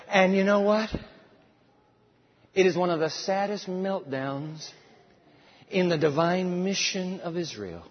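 Husky high-voiced man preaching a sermon. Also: a little slow, long pauses. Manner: dramatic storytelling with sudden asides. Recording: dull sound with long hall reverb.

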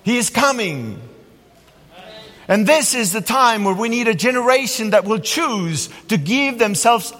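A man preaching a sermon as a pastor, telling stories in an animated way. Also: very high voice, unhurried. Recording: long hall reverb.

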